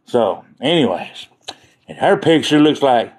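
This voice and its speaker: A man's voice: medium pitch, lively intonation, normal speed, a little mellow. A man chatting casually on a live stream, rambling and joking as he talks to his viewers.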